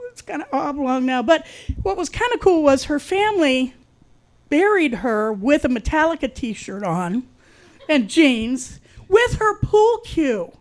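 A woman telling a personal story in a casual, wry way, with deadpan asides. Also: high voice.

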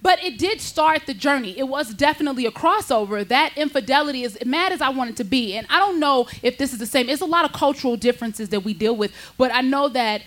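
A woman in her thirties, a stand-up comedian, telling a personal story in a candid, animated way, with laughs between lines. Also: fast, few pauses. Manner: candid, animated, jumps high in pitch for quoted voices, laughs between lines.

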